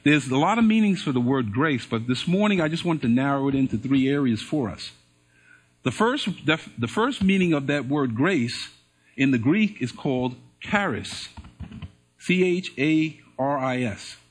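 Husky, lively-voiced male preacher. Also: mid-range voice, normal speed. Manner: call-and-response, asks congregation to repeat and answer. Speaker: pastor. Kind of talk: sermon. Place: church service with congregation.

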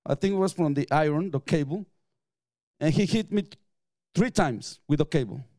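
A man's voice: on the high side, moderate pace, darkish tone, no room sound. A middle-aged man, preaching a sermon in an emphatic way and mixing in personal stories with light chuckles. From Mexico. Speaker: pastor.

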